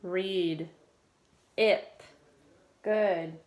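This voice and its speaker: A woman teacher leading a recorded phonics lesson, giving steady step-by-step prompts and quick praise. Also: fairly low pitch. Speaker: reading teacher.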